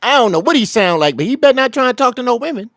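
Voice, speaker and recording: High voiced guy cohost, loud and joking, dry sound. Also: very animated, racing, vocal fry, dry recording. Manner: brassy, joking, loud greetings. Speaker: co-host. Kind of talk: casual live comedy chat.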